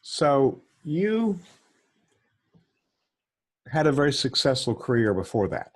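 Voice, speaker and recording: A man's voice: medium pitch, big pitch swings, takes it slowly. A man hosting an interview, asking casual and somewhat hesitant questions. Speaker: host.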